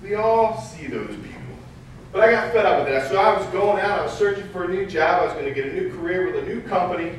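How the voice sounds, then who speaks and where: A man giving a motivational keynote, telling lively anecdotes and acting out dialogue with laughter. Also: sits high, fast talker, a little hiss or hum. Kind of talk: storytelling keynote talk. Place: large event hall. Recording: echoey hall from far off.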